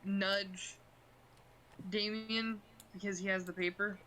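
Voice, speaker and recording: A woman's voice: mid-range voice, little pitch movement, takes it slowly, sharp tone, a little hiss or hum, rough recording. A woman playing a tabletop game, eager and hesitant. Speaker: player. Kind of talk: tabletop role-play.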